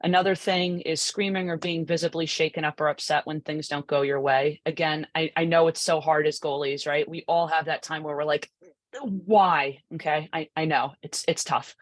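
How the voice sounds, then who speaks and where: A woman's voice: sits low, level tone, a little fast, hardly any pauses, no room sound. A woman coach giving a conversational presentation, chatty, full of asides and rhetorical "right?" tags. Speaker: lacrosse goalie coach presenting.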